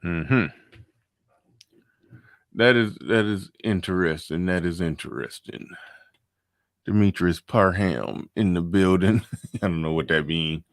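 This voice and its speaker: A man hosting a casual chat show, relaxed and reading out viewer comments. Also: low-pitched, takes it slowly, pauses often, no room sound, clean studio sound. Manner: laid-back, reads viewer comments aloud. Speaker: podcast host.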